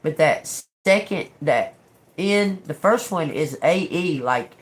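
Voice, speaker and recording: A woman's voice: deep voice, expressive, slow pace. A woman hosting a casual livestream as a tarot reader, rambling emphatically and talking straight to her viewers. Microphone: phone or webcam livestream.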